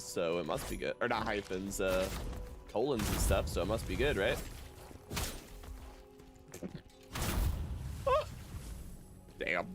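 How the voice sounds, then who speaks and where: A man streaming a video game, chatting casually and joking with his viewers as he plays. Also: on the low side. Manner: animated, joking, chatting with viewers while playing. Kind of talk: casual gaming livestream chat.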